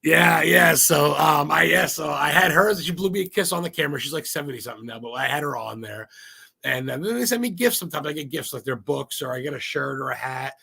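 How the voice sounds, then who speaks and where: A man from Maine, a podcast guest, talking in a rambling, excitable way and swearing freely. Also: a little high, brisk, creaky, breathy edge. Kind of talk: casual interview chat.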